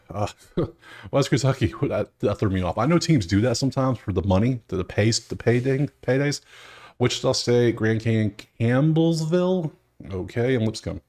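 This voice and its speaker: A man's voice: medium pitch, a little mellow. A man hosting a sports betting video, chatting casually to himself as he scrolls through stats, with wry, exasperated asides. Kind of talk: casual solo commentary over stats.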